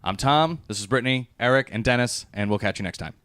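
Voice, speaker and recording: A man's voice: medium pitch, quick pace, fairly bright tone, slight background noise. A man hosting a casual movie chat with friends, bantering and laughing. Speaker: host.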